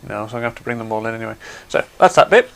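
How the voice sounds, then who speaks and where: Gravelly man demonstrating crafts. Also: fairly low pitch, animated, rapid-fire. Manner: chatty, explaining step by step. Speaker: craft livestream host. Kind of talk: casual demonstration.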